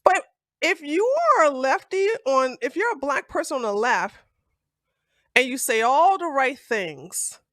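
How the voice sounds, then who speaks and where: Woman streamer, high bright voice, blunt and sassy, cursing freely, dry close sound. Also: expressive, unhurried, no room sound. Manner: blunt, heavy cursing, rising to loud outbursts; sassy, calls listeners baby and honey. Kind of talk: live-stream commentary.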